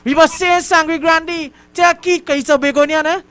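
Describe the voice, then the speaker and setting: A woman's voice: very high-pitched, steady tone, moderate pace, a bit bright. A woman with a Trinidad and Tobago accent, calling in to a talk radio show and making rallying points with rhetorical repetition. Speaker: radio caller.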